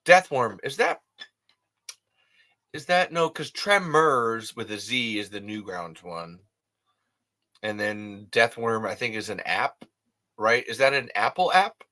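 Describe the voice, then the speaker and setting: A man's voice: mid-range voice, lively intonation, takes it slowly, pauses often, sharp tone. A man hosting a podcast, rambling and affectionate as he chats with listeners. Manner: rambling, affectionate, swears, restarts. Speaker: podcast host. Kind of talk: casual chat reading comments.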